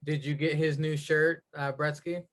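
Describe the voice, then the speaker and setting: A man's voice: on the high side, little pitch movement, moderate pace, a bit bright. A man co-hosting a casual podcast chat, wisecracking and tossing in questions. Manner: wisecracking, tosses in questions and jokes. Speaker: podcast co-host.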